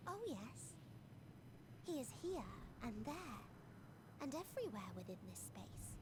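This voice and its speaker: A solemn otherworldly being. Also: female voice, fairly high pitch, heavy background noise. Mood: cryptic. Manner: slow, solemn, drifting into whispers. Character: solemn otherworldly female being, calm and cryptic. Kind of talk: game cutscene voice acting. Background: loud game music.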